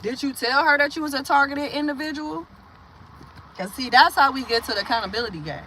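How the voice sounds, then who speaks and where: A woman's voice: high voice, quick pace, bright, forceful tone, slight background noise. A woman from Milwaukee hosting a casual livestream, rambling through stories and viewer comments, laughing often and acting out the voices she quotes. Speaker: livestream host.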